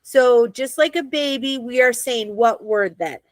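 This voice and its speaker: A woman's voice: a little high, a little slow, no room sound. An American woman teaching a Hebrew reading class, patiently checking that her students follow. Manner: patient, checks understanding often.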